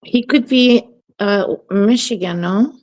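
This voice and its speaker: A woman's voice: a little high, slow pace, a little mellow. A woman co-hosting a casual group chat, joking and rambling as she talks.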